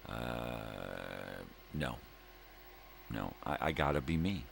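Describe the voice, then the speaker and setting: A man's voice: extremely low pitch, lively intonation, very slow, gravelly, slight background noise. A man hosting his own daily video show, ranting in a profane, angry monologue. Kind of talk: casual monologue.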